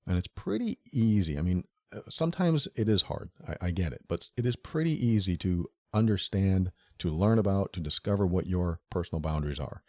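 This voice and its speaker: Deep-voiced earnest male podcast host. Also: lively intonation, brisk, hardly any pauses, a little mellow, no room sound, studio quality. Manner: earnest, repetitive, addresses listener directly. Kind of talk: solo podcast talk on relationships.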